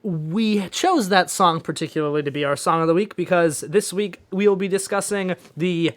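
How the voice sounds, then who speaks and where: Male podcast host, high voice, laid-back and jokey, rambles a bit. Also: moderate pace. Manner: jokey, loose, rambling delivery with fillers. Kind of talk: casual podcast banter.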